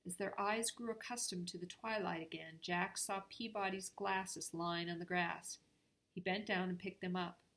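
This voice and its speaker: A woman reading a children's storybook aloud in a calm, measured way. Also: lowish voice.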